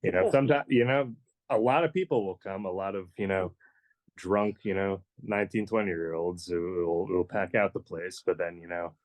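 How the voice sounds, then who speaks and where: Man, band member, low voice, rambling, many "you know"s, joking, casual podcast chat. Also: normal speed.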